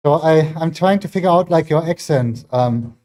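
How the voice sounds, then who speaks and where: In a casual livestream from his home gym, a non-native English-speaking fitness streamer talks while working out, his voice on the high side with a darkish tone at a moderate pace. He rambles, leans heavily on "like," and responds to messages from chat.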